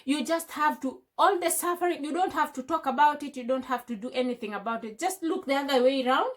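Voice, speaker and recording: A young African woman, a beauty vlogger, talks fast in a high voice while doing her makeup indoors at home. Her casual chat is impassioned and full of rhetorical questions.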